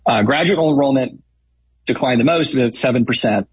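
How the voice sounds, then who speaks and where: A man's voice: mid-range voice, fairly quick, slightly rough, dry recording, rough recording. A man who founded a news outlet, giving casual news analysis as a guest with frequent fillers.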